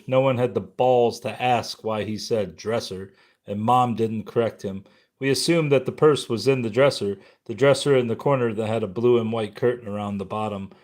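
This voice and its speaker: A man narrating a memoir audiobook in a somber, measured way. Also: mid-range voice, darkish tone.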